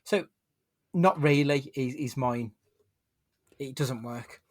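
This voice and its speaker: A man's voice: medium pitch, slow, no room sound, studio quality. A man hosting a casual film podcast, joking and swearing freely while he leads the chat. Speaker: podcast host.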